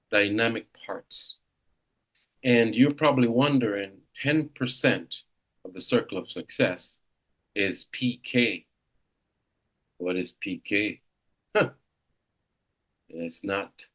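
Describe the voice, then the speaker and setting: A man in his fifties, a real estate coach, leading a motivational coaching session with an animated, exclamatory delivery. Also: on the low side. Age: 50s. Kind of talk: coaching seminar.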